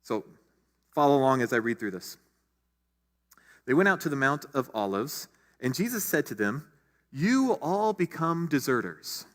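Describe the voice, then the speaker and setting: Male pastor, middle-aged, mid-pitched, chatty sermon delivery, long church reverb. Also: sing-song, moderate pace, long pauses, fairly bright tone. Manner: conversational, with asides and restarts. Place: church sanctuary.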